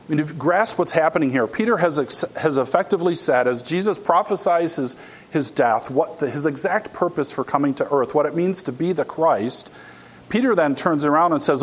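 A man's voice: on the high side, expressive, normal speed. A man preaching a conversational sermon, explaining a scripture passage and acting out quoted dialogue. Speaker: pastor.

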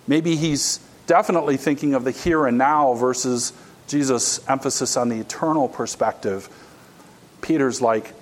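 A man's voice: a little high, moderate pace. A man preaching a conversational sermon, explaining a scripture passage and acting out quoted dialogue. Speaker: pastor.

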